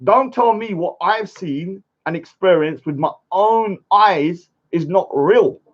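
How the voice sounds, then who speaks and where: Male streamer, argumentative rant, fairly high voice, muffled lo-fi mic. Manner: argumentative, keeps adding "yeah?" tags. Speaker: livestreamer. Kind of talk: casual livestream rant. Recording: dull lo-fi stream audio.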